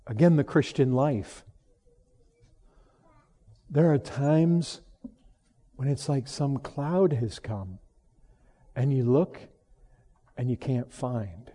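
A man preaching a sermon, moving from hushed, low passages to raised, emphatic lines. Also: takes it slowly, long pauses. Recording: long hall reverb.

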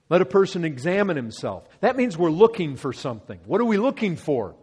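A man preaching a sermon, working through scripture verse by verse. He swings from loud, pressing emphasis to hushed, slowed lines. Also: on the high side, sing-song, breathy edge.

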